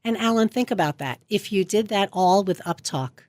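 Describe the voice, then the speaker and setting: A woman's voice: medium pitch, expressive, moderate pace, a little mellow, dry recording. A middle-aged woman speech coach, a guest on a business podcast, explaining her work confidently and instructively. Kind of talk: casual interview chat.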